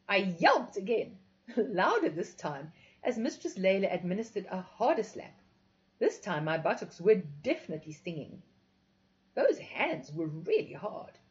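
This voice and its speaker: A woman narrating a first-person story in an expressive, confessional reading. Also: mid-range voice, unhurried. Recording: dull lo-fi recording.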